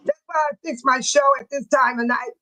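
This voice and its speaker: A woman's voice: high-pitched, brisk, bright, forceful tone, poor audio. A woman hosting a casual live audio chat, laughing hard and breathless as she reads out listeners' comments, with speech. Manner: laughing hard through her words, breathless. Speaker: live audio room host.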